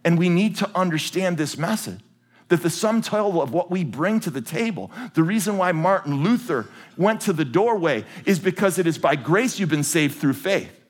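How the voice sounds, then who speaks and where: A man preaching a sermon to a church congregation, animated and jokey. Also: high voice, normal speed. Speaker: pastor. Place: large church with balcony.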